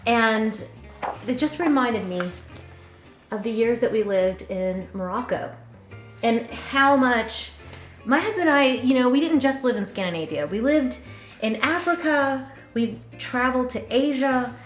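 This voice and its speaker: Upbeat woman vlogger with a slightly high voice, chatty and giggly, recorded in a roomy space. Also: expressive, measured pace, soft background music. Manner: bubbly, chatty, laughs easily. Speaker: interior design vlogger. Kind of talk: casual vlog chat.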